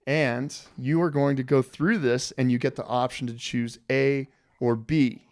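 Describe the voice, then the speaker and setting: A man hosting a podcast interview, politely addressing his guest as sir while laying out a survival quiz with lively storytelling. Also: mid-range voice, measured pace. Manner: respectful, calls guest sir, animated storyteller. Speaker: podcast host.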